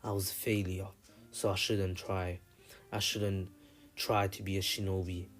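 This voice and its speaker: A man's voice: low-pitched, level tone, a little slow, faint music behind. A man voicing a despairing young male ninja who calls himself a failure, speaking bitterly and repeating himself.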